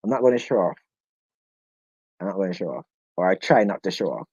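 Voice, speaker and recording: A man's voice: low voice, lively intonation, brisk, a little mellow, slightly rough, dry recording, lo-fi sound. A man hosting a live-stream chat in a playful, joking way. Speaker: host of a live discussion stream.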